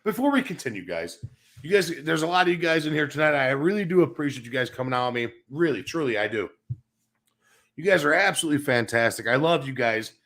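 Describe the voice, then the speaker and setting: A fired-up man hosts a sports stream, his voice pitched a bit high for a man. He rants with constant swearing and says the same phrase again and again. He reads out comments from his viewers. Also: very animated, fast talker, fairly bright tone. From Chicago area. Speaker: sports talk show host. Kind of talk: profane livestream sports rant.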